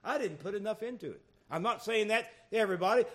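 A man preaching a sermon in a church, animated, dropping to soft asides and rising to loud emphatic calls. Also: sits high, fast.

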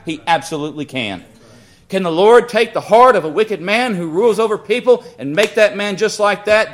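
A man preaching a sermon, rising to fervent emphasis on key lines and dropping low and quiet when he tells personal stories.

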